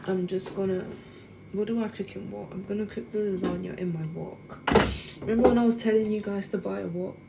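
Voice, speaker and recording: Chatty woman, loud background noise. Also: medium pitch, fairly even intonation, fairly quick, gravelly. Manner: chatty, talks to viewers. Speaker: student vlogger. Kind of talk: casual chat while cooking.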